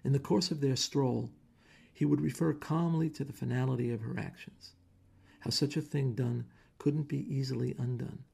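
A man reading a short story aloud in measured, plain narration. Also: medium pitch, fairly even intonation, vocal fry, mellow, slightly rough.

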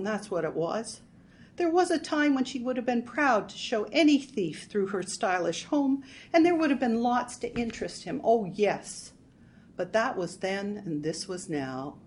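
Expressive woman narrating a story. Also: medium pitch. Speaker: audiobook narrator. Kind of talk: scripted narration.

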